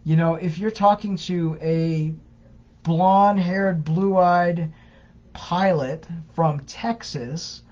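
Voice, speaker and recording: Guy on a live q&a, kinda high voice, earnest and explaining, sounds muffled and lo-fi. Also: steady tone, extremely slow, darkish tone. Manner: earnest, explanatory, repeats words. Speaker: co-host of a scam-awareness page. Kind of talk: casual live Q&A.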